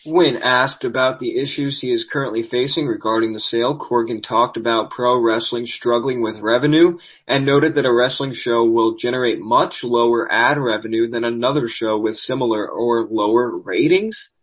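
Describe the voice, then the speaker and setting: Husky-voiced man hosting wrestling news. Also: medium pitch, moderate pace, few pauses, low-quality recording. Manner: sarcastic asides between read-out news. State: losing his voice. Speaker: podcast host reading wrestling news. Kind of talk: casual news commentary.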